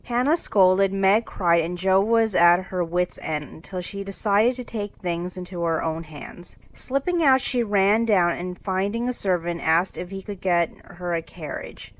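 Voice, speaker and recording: A woman narrating a classic storybook in a steady, clear reading for English learners. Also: lowish voice, a little slow, few pauses, rough recording.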